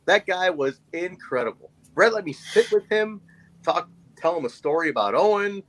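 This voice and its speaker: A man's voice: high voice, moderate pace, poor audio. A man in his forties, a podcast co-host, telling a story in casual chat and acting out the voices of the people in it. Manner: animated storyteller who acts out voices.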